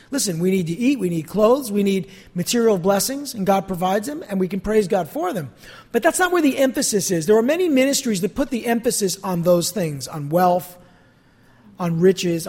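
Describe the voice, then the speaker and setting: A man preaching a sermon as pastor, with emphatic slow stresses and swings between loud and soft. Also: high-pitched, long reverb tail.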